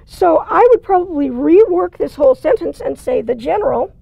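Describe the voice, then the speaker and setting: A woman's voice: extremely high pitch, lively intonation, normal speed, gravelly, dark tone, no room sound. A woman teaching a writing lesson, explaining in a plain, conversational way with dry asides. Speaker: writing instructor. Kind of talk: recorded lecture.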